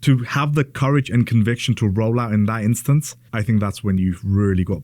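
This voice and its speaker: A man's voice: on the low side, steady tone, a little fast, darkish tone, no echo, clean studio sound. A man co-hosting a podcast, explaining his views in a thoughtful, casual way. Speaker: podcast co-host. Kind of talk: casual conversation.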